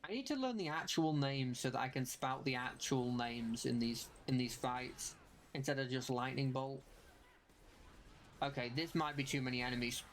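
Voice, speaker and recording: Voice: medium pitch, slight background noise. A young adult game streamer giving live commentary, talking to themselves, chanting repeated spell calls and ending sentences on a rising, question-like lift. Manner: talks to self, repeats spell calls rapidly; sentences rise at the end like questions.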